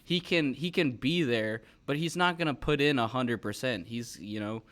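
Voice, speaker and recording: A man's voice: mid-range voice, normal speed, few pauses, fairly bright tone. A man hosting a podcast, chatting casually and thinking aloud with fillers and restarts. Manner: conversational, with frequent fillers and restarts. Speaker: podcast host.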